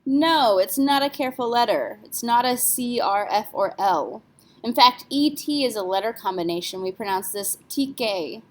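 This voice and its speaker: A woman teaching a French pronunciation lesson in a slightly high voice. She explains patiently and spells words out letter by letter for her learners. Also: lively intonation, normal speed.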